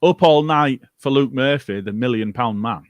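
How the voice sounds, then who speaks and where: Bloke ranting, swears loads, dry close sound. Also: male voice, medium pitch, normal speed, no echo. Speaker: podcast co-host. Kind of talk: casual chat among mates.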